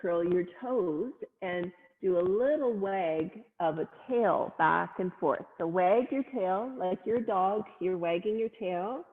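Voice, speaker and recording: A woman's voice: lowish voice, slow pace, hardly any pauses. Yoga teacher woman, tinny echoey sound. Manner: gentle, playful cueing with animal sounds. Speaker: yoga instructor. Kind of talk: guided family yoga class. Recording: phone-like sound in a long-echo room.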